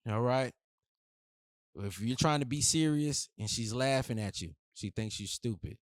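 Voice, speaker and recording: Man, blunt preachy advice, slangy, mid-pitched, dry close sound. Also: unhurried, no echo. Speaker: relationship advice host. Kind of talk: casual advice monologue.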